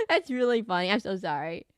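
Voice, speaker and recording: A woman chats through a game stream in a rambling way, correcting herself and giggling often. Her pitch sits in the middle but swings in a very animated way. The sound is dry and close. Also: moderate pace, smooth, no room sound. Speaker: VTuber streamer. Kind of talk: casual gameplay commentary.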